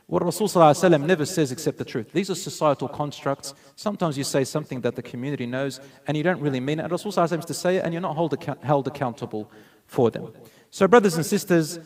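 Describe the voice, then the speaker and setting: A man preaching a sermon, telling stories earnestly and mixing in Arabic phrases. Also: medium pitch.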